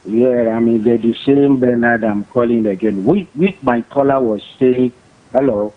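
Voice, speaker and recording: A man's voice: mid-range voice, normal speed. A male caller speaking insistently in broken English, repeating his points. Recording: tinny phone line.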